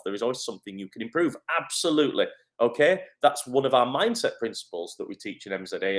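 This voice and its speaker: Speaking in a medium-pitched voice, a middle-aged man from the North of England coaches actors live, responding to viewer comments with energy and encouragement.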